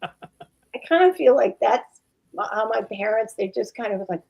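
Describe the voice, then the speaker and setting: A woman's voice: a little high, lively intonation, normal speed, creaky, darkish tone, poor audio. A woman actress chatting as a guest in an interview, rambling with many fillers and restarts. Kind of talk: casual interview chat.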